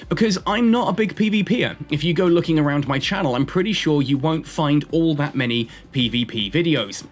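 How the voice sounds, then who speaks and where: A man chatting casually with his viewers as he plays a game and narrates, rambling from one thought to the next. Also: fairly high pitch. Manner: chatty, rambling stream of consciousness. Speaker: gaming YouTuber. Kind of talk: casual commentary while playing.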